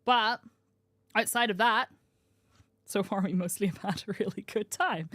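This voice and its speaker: A woman's voice: medium pitch, measured pace, long pauses, fairly bright tone, no echo, studio quality. A young Northern Irish woman streaming a survival game, chatting and rambling with frequent laughs. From Northern Ireland. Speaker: variety streamer. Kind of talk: casual live-stream commentary.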